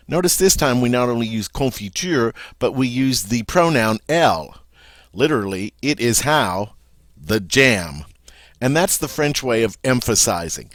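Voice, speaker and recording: Man teacher, lowish lively voice, dry close sound, slow repeats of each word. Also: dry recording. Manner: relaxed, self-correcting. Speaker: French teacher. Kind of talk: vocabulary lesson.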